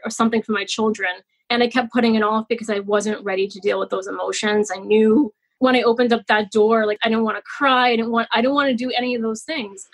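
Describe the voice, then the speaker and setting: A woman's voice: fairly high pitch, low-quality recording. A woman in her forties, a podcast guest and children's author, telling a personal story in a chatty, emotional way with many fillers and restarts. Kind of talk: casual interview storytelling.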